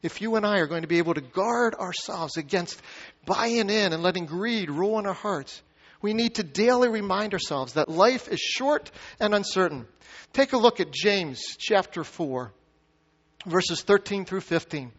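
A man preaches a sermon as pastor, reading scripture aloud and putting questions to the congregation. His voice sits high and sounds expressive and fairly bright, at a moderate pace. The recording is muffled, with long hall reverb.

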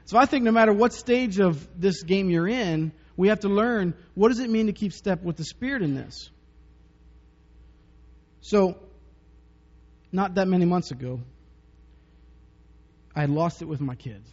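A man's voice: high-pitched, a little slow, pauses often. A man preaching a sermon as a pastor, telling personal stories in a conversational, joking way with frequent chuckles. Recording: long reverb, dull muffled sound.

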